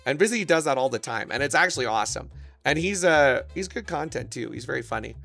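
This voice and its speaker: A man streaming, talking casually in a crude, rambling way with excitable bursts. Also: mid-range voice, fast talker, gravelly, soft background music.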